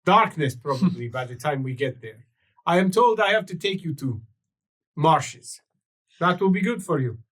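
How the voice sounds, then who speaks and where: A man's voice: fairly high pitch, lively intonation, normal speed, fairly bright tone, pitched above the performer's own voice. A man voicing a blunt, unbothered female elven boat captain who speaks in clipped, plain phrases with dropped words. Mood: terse.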